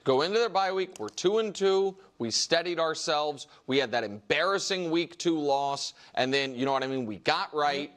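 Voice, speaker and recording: A man's voice: fairly high pitch, animated, normal speed, hardly any pauses, fairly bright tone. A sports talk host in casual debate who insists on his point and cuts in often.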